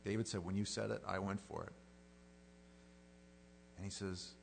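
A man's voice: low-pitched, little pitch movement, moderate pace, vocal fry, long pauses, a little hiss or hum. A middle-aged male pastor giving a plain-spoken, conversational sermon and often acting out the voices he quotes.

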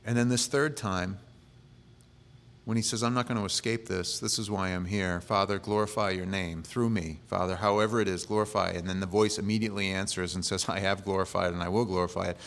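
A man's voice: sits low, steady tone, fairly quick, a bit bright. A male pastor preaching a sermon in a conversational way, with humorous asides.

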